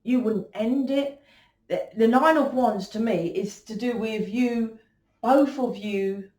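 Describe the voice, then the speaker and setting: A woman's voice: on the high side, slow pace, darkish tone. Blunt, swearing woman reading tarot. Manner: blunt, swearing, confrontational, lecturing. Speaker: tarot reader. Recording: echoey room.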